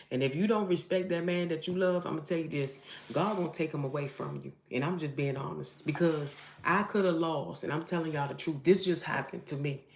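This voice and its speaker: Roomy-sounding woman preaching to camera. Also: sits low. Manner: emphatic, exhorting, repeats phrases for emphasis. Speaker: mother and online vlogger. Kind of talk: preachy motivational talk to camera. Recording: roomy echo.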